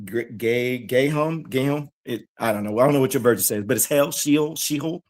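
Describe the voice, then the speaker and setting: A podcast host preaching on scripture, firing rhetorical questions, repeating words for emphasis, and swinging from hushed asides to shouts. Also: mid-range voice, moderate pace. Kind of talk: fiery preaching commentary.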